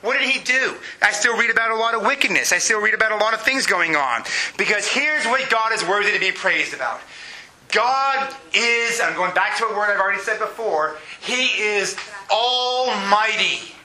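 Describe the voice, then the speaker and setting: A man in his late thirties preaching a sermon in a church, animated and sometimes shouting out exclamations. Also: high-pitched, brisk. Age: 30s. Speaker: pastor. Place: church sanctuary. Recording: echoey room with faint hiss.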